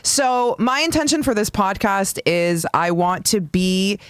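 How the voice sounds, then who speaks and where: A woman's voice: medium pitch, lively intonation, measured pace, clean tone, no room sound. A woman in her thirties from Canada, hosting a solo podcast and telling her own story with comedic energy, acting out the voices she quotes. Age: 30s. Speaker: podcast host.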